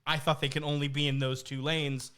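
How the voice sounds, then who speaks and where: A man's voice: a little high, level tone, fairly quick, a bit bright, smooth. A man from New Jersey, co-hosting a podcast and telling a story in casual, profanity-laced chat. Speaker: podcast co-host.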